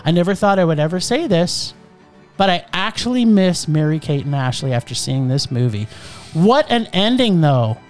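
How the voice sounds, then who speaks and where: Brief: woman host, exasperated ranter, very animated pitch. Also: normal speed, soft background music. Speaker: podcast host reviewing films. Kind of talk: casual chat.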